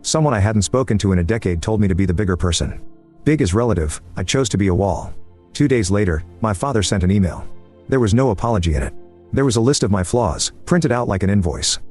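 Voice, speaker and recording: A man reading a first-person story aloud in an even, measured scripted narration. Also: on the low side. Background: faint background music.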